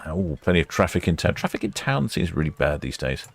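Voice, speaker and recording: A man's voice: deep voice, very animated, a little fast, creaky, slightly rough. A man hosting a live stream, giving casual, rambling commentary and correcting himself as he goes. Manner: chatty, rambling, self-correcting.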